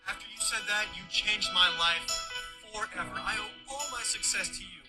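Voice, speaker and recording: A man playing a reformed male thief, now a polite businessman, speaking earnestly and over-formally in a played clip over loud music. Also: high-pitched, fairly quick, lightly acted. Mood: grateful, earnest.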